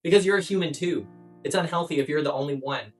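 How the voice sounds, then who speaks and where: A young adult woman talks quickly in a low voice, offering life tips to camera in a casual, blunt, playful style with frequent swearing. The recording comes from a distant mic with music in the background.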